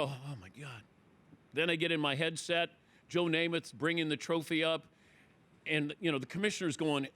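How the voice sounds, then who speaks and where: A middle-aged man hosting a radio talk show, his speaking voice sitting a little higher than most men's. He tells stories in a relaxed, chatty way. When he acts out the people in them, he jumps into loud, high exclamations. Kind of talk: animated storytelling in casual chat.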